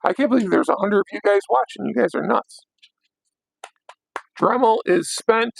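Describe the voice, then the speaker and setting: A hoarse young man hosting a late-night livestream, ranting bluntly with plenty of swearing. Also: high voice, normal speed, dry recording, rough recording. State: hoarse, voice worn out. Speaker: livestream host.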